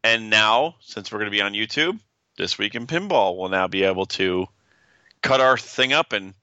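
A man's voice: fairly low pitch, expressive, moderate pace, sharp tone, no echo, dull audio. A man co-hosting a casual podcast, talking in a playful, joking way. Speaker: podcast co-host.

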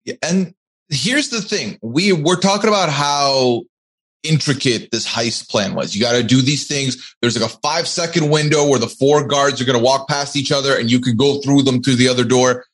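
A man's voice: medium pitch, moderate pace, fairly bright tone. A man co-hosting a casual movie podcast, talking in a skeptical, wry way. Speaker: podcast co-host.

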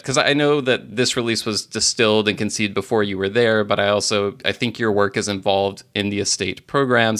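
A man's voice: lowish voice, fairly bright tone. A man in his thirties hosting a podcast, chatting casually and rambling a little before asking his guests questions. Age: 30s. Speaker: podcast host.

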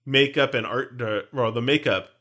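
A man co-hosting a casual movie breakdown podcast, animated and playfully swearing. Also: mid-range voice, moderate pace. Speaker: podcast co-host.

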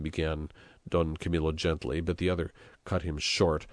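A man narrating an audiobook at a measured storytelling pace. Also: a bass voice, no room sound, clean studio sound. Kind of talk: scripted narration.

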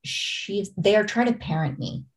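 A middle-aged woman chatting casually, telling animated stories and acting out what people said. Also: medium pitch, unhurried. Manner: animated storyteller, acts out voices. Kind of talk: casual chat.

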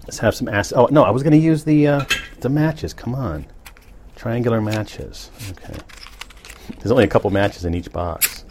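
A man hosting a podcast, talking to himself in a relaxed, chatty, self-amused way. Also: medium pitch, normal speed, slight background noise. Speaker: podcast host. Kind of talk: casual rambling monologue.

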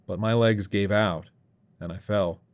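Grim low-voiced male narrator. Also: fairly even intonation, unhurried. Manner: grim, clipped, world-weary. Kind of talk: first-person story narration.

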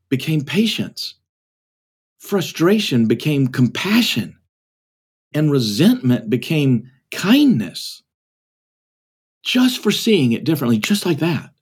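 A man's voice: on the high side, darkish tone, breathy edge. A man, a pastor and author, telling a story earnestly and acting out its voices as a podcast guest. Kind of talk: storytelling talk.

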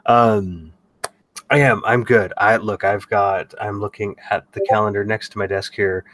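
A young man co-hosting a podcast in casual chat, upbeat and quick to laugh. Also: lowish voice, fairly even intonation, fairly bright tone, distant mic. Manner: upbeat, laughs often, chatty. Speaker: podcast co-host.

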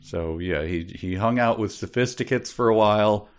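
Deep-voiced musing male co-host. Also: normal speed, clear, resonant tone. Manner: musing, meandering. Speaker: podcast co-host. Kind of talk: casual book discussion.

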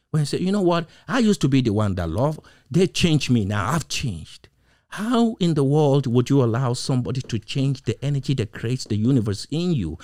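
A man with a slightly high, dark-toned voice preaches, drawing out key words. Emphatic rhetorical questions keep coming in repetition, mixed with the odd laugh.

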